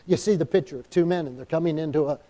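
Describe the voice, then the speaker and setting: A male pastor with a New England accent preaches with a high, warm voice. He is emphatic, stops often for an amen, and acts out small dialogues as he goes. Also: racing. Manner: emphatic preaching, calls for amens; acts out quoted inner dialogue. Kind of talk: sermon.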